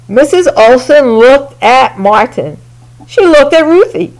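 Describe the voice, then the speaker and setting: Woman storyteller, children's read-aloud, slow pace, lively sing-song pitch, fairly high voice. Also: rough recording.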